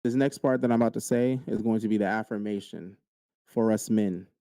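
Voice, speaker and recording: A man's voice: lowish voice, steady tone, fairly quick, dark tone, no room sound. A man hosting a podcast, speaking straight to his listeners in an earnest motivational monologue and repeating key lines for emphasis. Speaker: podcast host.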